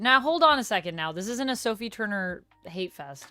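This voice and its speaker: A woman's voice: medium pitch, normal speed, no echo. A young woman hosting a live stream, chatting casually with her chat, her voice leaping up on surprised questions. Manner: animated, voice leaps up on surprised questions. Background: faint lo-fi music.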